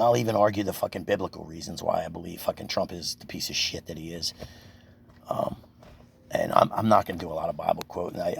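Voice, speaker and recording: A man's voice: low-pitched, vocal fry, slight background noise. A man delivering an angry, profane, rambling political rant to his viewers, with lots of restarts. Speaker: First Amendment auditor vlogger.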